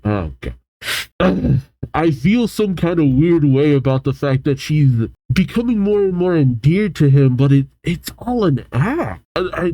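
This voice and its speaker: A man reads a manga aloud and drifts into long tangents, stumbling over words and laughing at himself. His voice rises and falls a lot and sounds soft and dark. The sound is dry and close, with no room echo. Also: medium pitch. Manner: rambling, self-correcting, laughs often. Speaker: manga reaction host. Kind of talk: casual manga reading and commentary.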